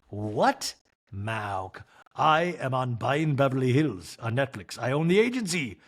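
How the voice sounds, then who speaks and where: A man hosting a comedic TV recap podcast, talking in an animated, sarcastic, riffing way. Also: medium pitch, slow. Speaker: podcast host.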